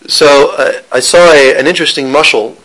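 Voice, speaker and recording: A man's voice: fairly high pitch, steady tone, normal speed, fairly bright tone, rough recording. A man giving an informal Torah lesson, talking conversationally with restarts and joking with listeners. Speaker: teacher giving a Torah class.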